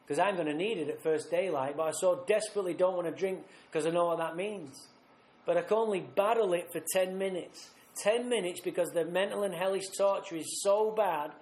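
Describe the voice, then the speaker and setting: A man speaking at a recovery retreat, telling his own story bluntly and vividly, acting out scenes with rough language. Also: sits high, a little mellow. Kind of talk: personal recovery story told live. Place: retreat meeting room. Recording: roomy live talk recording.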